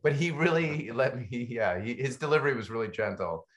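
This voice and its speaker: A man, a film co-director, chatting eagerly in an interview, stumbling over restarts as he gushes. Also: medium pitch. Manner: eager, gushing, quick restarts. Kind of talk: casual interview chat.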